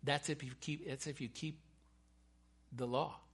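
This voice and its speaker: A man's voice: a little high, fairly even intonation, measured pace, slightly rough. A man preaching a sermon with fervent emphasis, breaking into chatty asides to his congregation.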